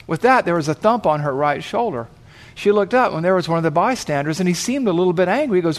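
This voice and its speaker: A man's voice: sits high, lively intonation, fast talker. A man preaching, telling a dramatic illustration and acting out the voices of the people in it. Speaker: pastor. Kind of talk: sermon illustration storytelling.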